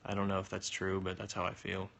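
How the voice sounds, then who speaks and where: Chatty young man on a bright voice. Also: monotone, fast, vocal fry, slight background noise. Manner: chatty, jokey, big jumps in pitch. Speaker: livestreamer. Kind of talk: casual livestream chat reading viewer comments.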